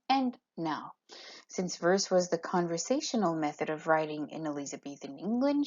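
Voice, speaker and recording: Husky woman teaching a lesson. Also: lowish voice, darkish tone, highs cut off. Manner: clear explanatory teaching, reads examples aloud rhythmically. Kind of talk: recorded classroom lesson.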